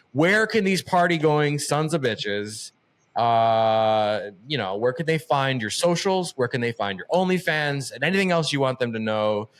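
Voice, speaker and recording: A man hosting a podcast, firing off quick questions and hyping his guest with plenty of swearing. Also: a little high, fairly bright tone. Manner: profane, hyped, rapid-fire questions. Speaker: podcast host. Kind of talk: casual podcast interview and outro.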